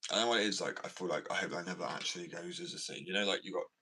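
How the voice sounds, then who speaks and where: A man's voice: deep voice, racing, sharp tone. A man chatting casually in a rambling vlog from his workshop, swearing often and talking in a fidgety way. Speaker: skateboard maker. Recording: distant mic, faint background noise.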